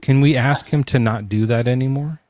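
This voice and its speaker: A man's voice: medium pitch, normal speed, darkish tone. A man calling in to a late-night debate, questioning a believer in a sarcastic, teasing way. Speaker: atheist caller. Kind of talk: mocking debate call.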